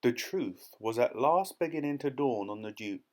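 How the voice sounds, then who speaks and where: Male reader, mid-pitched, steady children's audiobook narration. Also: moderate pace.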